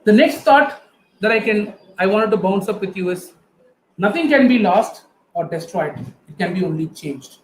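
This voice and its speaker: A man's voice: high voice, lively intonation, normal speed, slight background noise. A middle-aged man with an Indian English accent, giving an earnest motivational talk and speaking directly to his audience. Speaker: guest speaker. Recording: echoey room with faint ambience.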